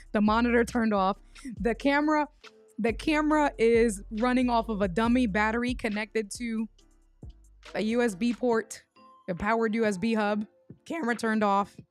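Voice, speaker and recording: A young woman with a fairly high voice hosts a casual livestream. She tells her stories in an animated way, restarting her sentences often and calling out to chat viewers by name. Faint music plays underneath. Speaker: livestream host.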